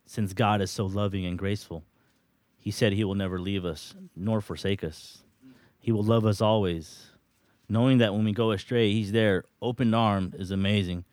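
A man's voice: fairly low pitch, steady tone, moderate pace, darkish tone, no room sound. A man leading a Bible study, reading scripture passages aloud and asking the group questions. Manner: reads verses aloud, asks the group questions.

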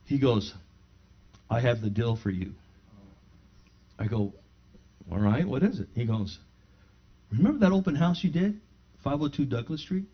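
A middle-aged man preaching from his own living room, telling a personal story of faith. He acts out each side of a conversation with lively shifts. The recording sounds a little muffled and lo-fi. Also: mid-range voice, moderate pace, long pauses. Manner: animated storyteller who acts out both sides of a dialogue. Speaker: pastor. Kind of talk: sermon with personal testimony. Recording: slightly dull lo-fi sound.

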